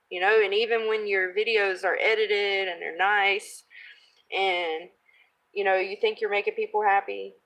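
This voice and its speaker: A woman in her thirties casually chatting while she crafts, rambling off on tangents, laughing at herself and clearing her throat. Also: medium pitch, a bit bright, rough recording. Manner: rambling, self-deprecating, laughs often. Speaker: craft video host.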